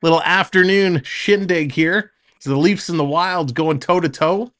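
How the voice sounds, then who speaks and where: A man's voice: on the high side, measured pace, fairly bright tone. A man streaming live hockey play-by-play, calling the action in short bursts and chatting with viewers between plays.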